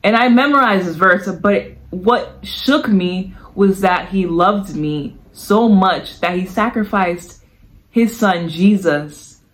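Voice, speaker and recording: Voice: mid-range voice, a bit bright. A podcast host giving an earnest, reflective personal testimony about faith, repeating phrases for emphasis. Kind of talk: personal testimony, casual devotional talk.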